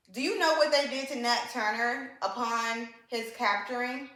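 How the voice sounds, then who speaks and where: A woman's voice: fairly high pitch, very animated, normal speed, few pauses, pushed and bright. A woman giving a casual, opinionated book review, emphatic and repeating points for effect. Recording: echoey room.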